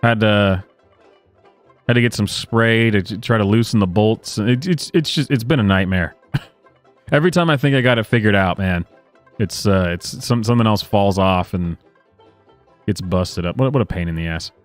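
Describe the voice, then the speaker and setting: A man's voice: lowish voice, moderate pace, faint music behind. A man hosting a reaction show, sighing and rambling in exasperated commentary. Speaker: host reacting to clips.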